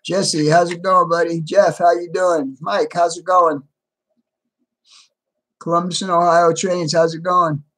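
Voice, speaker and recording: A man's voice: a little high, flat delivery, measured pace, a bit bright. Casual man greeting his stream viewers. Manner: reads out viewer names and replies to chat. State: a little tired. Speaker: livestream host.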